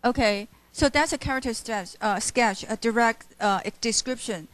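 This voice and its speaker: A female literature teacher, giving a classroom lecture in a halting style full of fillers and self-corrections. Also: fairly high pitch, a bit bright, dry recording. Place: university classroom.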